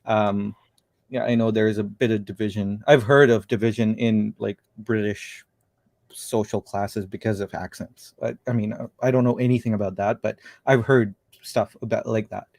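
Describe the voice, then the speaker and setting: A man's voice: fairly low pitch, steady tone, moderate pace, vocal fry, a little mellow, dry recording, studio quality. A man hosting a casual livestream chat, rambling and thinking aloud as he talks. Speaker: show host.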